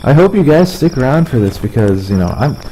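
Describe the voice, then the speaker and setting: A man's voice: mid-range voice, big pitch swings, brisk, dark tone, slight background noise, rough recording. A young man streaming a game, chatting casually and rambling with a lot of swearing. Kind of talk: casual chat while gaming.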